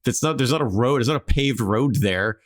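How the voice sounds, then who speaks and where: A man's voice: medium pitch, normal speed. Guy on a podcast spinning a history yarn, loose and chatty, acts out the quotes. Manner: animated, acts out quotes in a jokey voice, lots of "like". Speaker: podcast host telling a history story. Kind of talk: casual storytelling chat.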